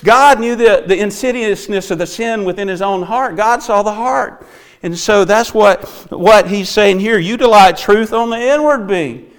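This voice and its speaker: A man preaching an earnest sermon, moving between emphatic and hushed passages, often restarting words. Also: high-pitched, measured pace. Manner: sings a few hymn lines.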